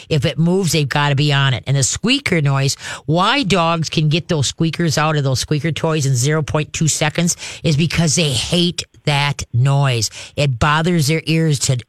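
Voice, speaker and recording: A man giving casual dog-training advice to a caller, folksy and chatty, often checking in with "all right?" and sometimes slipping into a high coaxing dog-calling voice. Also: moderate pace, dry recording, studio quality. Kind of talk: casual radio advice chat.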